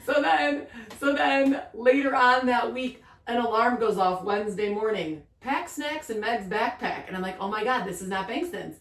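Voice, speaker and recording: Woman, podcast co-host, casual chat, lively storyteller, echoey room, distant mic. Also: on the high side, moderate pace, hardly any pauses. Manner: chatty storyteller, acts out quotes with laughter.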